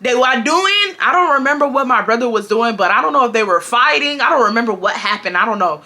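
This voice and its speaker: A woman in her twenties from Houston, telling a storytime to her viewers in casual slang, acting out what others said. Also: quick pace. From Houston, Texas. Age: 20s. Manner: animated, slangy, acts out quotes with big pitch jumps. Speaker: storytime vlogger.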